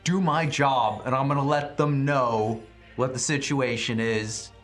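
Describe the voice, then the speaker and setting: A man playing a tabletop roleplaying game, speaking with a deadpan manner. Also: mid-range voice, unhurried, faint music behind. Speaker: player.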